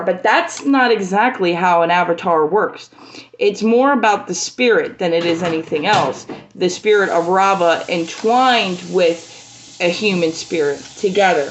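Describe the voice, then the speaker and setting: A woman talking through a fan theory in a casual, halting way, full of restarts. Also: on the low side, muffled recording, a little hiss or hum. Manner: halting, many fillers and restarts.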